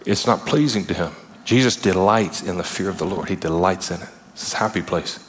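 A man delivers a sermon in a relaxed, conversational way, slipping into animated asides and playful retellings. His voice sits fairly low. Long reverb from a large hall trails after each phrase. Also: fairly quick, a little hiss or hum. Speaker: preacher.

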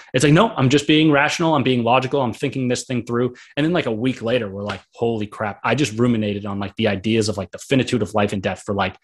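A man's voice: lowish voice, slightly rough. A young man, an author, telling a candid personal story in an earnest, rambling way, full of fillers. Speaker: author and guest.

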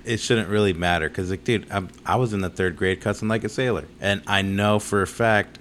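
A man's voice: on the low side, steady tone, a little fast, a bit bright, slight background noise. A young man chatting casually as a podcast co-host, swearing freely and leaning on filler words. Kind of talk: casual chat.

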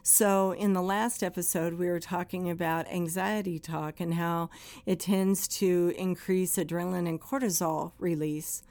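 A woman's voice: lowish voice, fairly even intonation, a little slow, darkish tone, no echo. A woman hosting a podcast for first responders, giving plainspoken advice in a conversational way and acting out quoted complaints.

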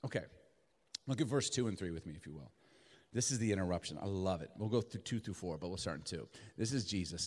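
A man preaching a sermon in a church, animated, acting out the voices of the people in his story. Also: on the low side, big-room sound. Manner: animated, acts out voices of Peter and Jesus. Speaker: pastor.

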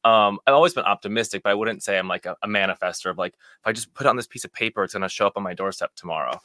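A man's voice: fairly low pitch, very fast, bright, forceful tone, dry recording. A man in his twenties, a podcast guest, telling a story in a wry, self-mocking way, with lots of "like". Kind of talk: casual storytelling.

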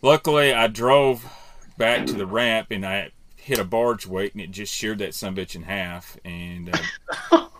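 Bright-voiced man in his thirties telling a story. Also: low voice, measured pace, a little hiss or hum. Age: 30s. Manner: animated, profane, self-deprecating storyteller. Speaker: podcast panelist. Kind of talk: casual storytelling.

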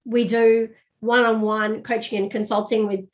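A middle-aged woman, an interview guest, telling a lively personal story with fillers. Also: a little high, moderate pace. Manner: animated anecdotal storytelling with fillers. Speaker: guest, business strategist.

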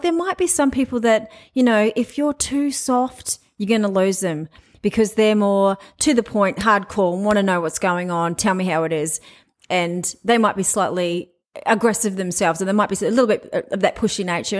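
A middle-aged woman hosting a podcast, giving frank, chatty sales advice and laughing now and then. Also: a little high. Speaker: podcast host and sales trainer. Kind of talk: casual podcast monologue.

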